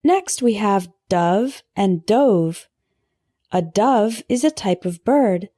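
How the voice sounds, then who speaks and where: A woman teaching English vocabulary in a scripted lesson, pronouncing word pairs slowly and carefully for learners to repeat. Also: medium pitch, lively intonation, mellow, dry recording, studio quality. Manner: slow, careful pronunciation drills.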